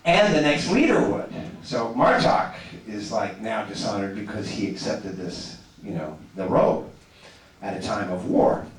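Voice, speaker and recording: A man, an actor, telling animated stories and answering audience questions on a panel, repeating words and laughing often. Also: on the low side, measured pace. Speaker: actor as convention panel guest. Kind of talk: anecdotes and audience Q&A. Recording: echoey hall from far off.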